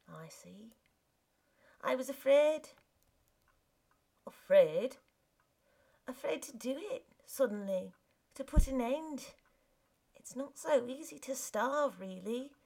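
A desperate, destitute woman, as a female reader puts her on, pleading and close to breaking. Her voice climbs high and strained above the reader's own, delivered slowly in a storybook reading. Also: animated, creaky, dark tone, full character voice.

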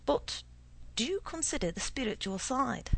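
A woman voicing a sly old male potion seller who speaks slowly and suavely, with a husky, gravelly voice. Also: sits high, big pitch swings, heavily acted. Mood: knowing. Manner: slow, suave, insinuating.

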